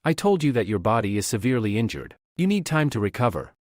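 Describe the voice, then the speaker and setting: A man voicing a bold, self-assured young alchemist hero who speaks briskly and confidently. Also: mid-range voice, big pitch swings, no echo, studio quality, natural voice.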